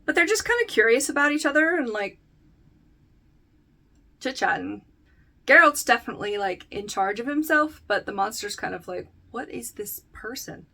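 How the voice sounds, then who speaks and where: Here is a bright, crisp young woman talking a little higher than most as she recaps a book chapter for a review video. She chats loosely with plenty of fillers and frequent laughs, and now and then she slips into reading lines straight from the text. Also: expressive, moderate pace, long pauses. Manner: chatty, filler-heavy, laughs often, reads book passages aloud. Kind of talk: casual book-versus-show recap.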